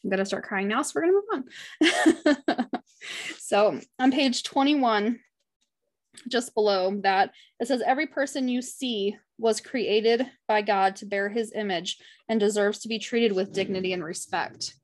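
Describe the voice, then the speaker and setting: A woman with a medium-pitched voice speaks at a moderate pace as she leads a casual Bible study. She reads passages aloud and discusses them earnestly and from the heart, chatting with frequent use of "like".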